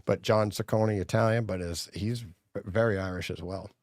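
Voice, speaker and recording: A man co-hosting a live podcast, telling stories in a casual, animated way and laughing often. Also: fairly low pitch, normal speed, dry recording, studio quality. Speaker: podcast co-host.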